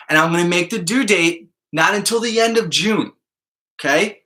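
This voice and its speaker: Male math teacher, upbeat and casual, slightly high bright voice, keeps checking in with students. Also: expressive, brisk. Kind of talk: live online class talk to students.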